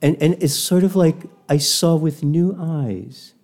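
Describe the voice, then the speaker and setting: A man's voice: on the high side, a little slow, a little mellow. An older man giving a reflective personal talk, telling stories in a thoughtful, digressive way.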